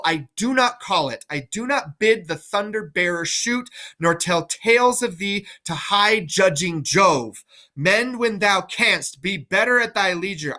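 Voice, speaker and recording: A man's voice: high voice, sharp tone, voice pushed up, exaggerated voice. A man reading the part of a proud, wounded old king, declaiming verse with mounting fury.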